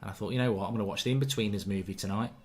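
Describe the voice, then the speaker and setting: Hosting a live football watchalong, this man speaks in a lowish, a little mellow voice with fairly even intonation. He keeps things casual and chatty, reads out comments from viewers, shares firm opinions and is quick to get heated about refereeing.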